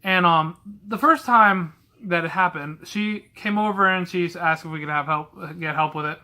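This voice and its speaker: Young guy, fairly high and bright, forceful delivery, blunt, candid storyteller. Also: normal speed. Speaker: vlogger telling stories about a past retail job. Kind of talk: casual storytelling to camera.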